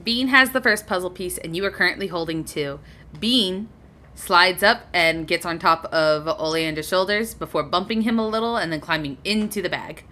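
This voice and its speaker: A woman game master narrating a tabletop game in a brisk, matter-of-fact way. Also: on the low side, sharp tone, a little hiss or hum.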